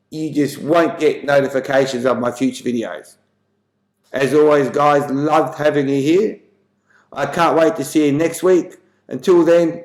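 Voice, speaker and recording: Male host, relaxed joke teller, slightly high voice, echoey room. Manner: chatty, lightly mimics characters. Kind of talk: casual joke telling.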